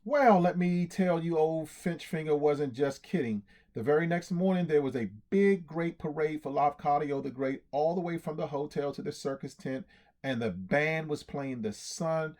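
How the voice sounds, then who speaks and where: A man reading a storybook aloud in an animated way, acting out cheers and sound effects. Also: on the high side, moderate pace.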